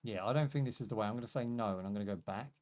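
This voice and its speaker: A man's voice: fairly low pitch, very fast, a little mellow. A man chatting jokily as he live-streams a video game. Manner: joking, chatty, talks to himself and chat. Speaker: livestream gamer. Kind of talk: casual gameplay commentary.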